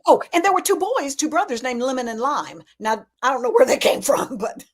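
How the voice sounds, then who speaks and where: A woman with a Southern US accent, a humorist telling folksy stories in animated, casual chat. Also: sits high, a little fast, slightly rough. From Alabama, USA.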